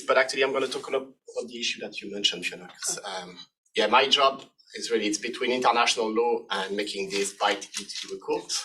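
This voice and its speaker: A man from France with a French accent, hoarse, giving a chatty seminar talk as a human rights law professor. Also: lowish voice, sharp tone, far from the mic, slight background noise, low-quality recording. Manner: chatty, self-deprecating, laughs between points.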